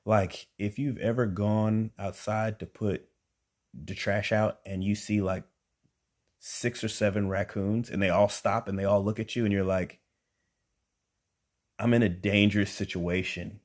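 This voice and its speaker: Deep-voiced man telling a stand-up story. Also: a little slow. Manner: animated, acts out quotes with rising emphasis. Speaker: stand-up comedian.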